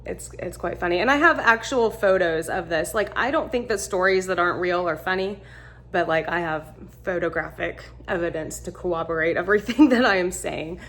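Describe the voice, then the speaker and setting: A woman casually telling a funny travel story, animated and laughing as she acts out what people said. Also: on the low side, a little fast. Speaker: vlogger.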